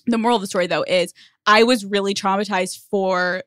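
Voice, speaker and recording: A woman's voice: mid-range voice, brisk, no echo, clean studio sound. A young woman, a podcast guest, telling a story in casual talk and acting out the voices of the people in it. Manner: animated, acts out voices in her stories.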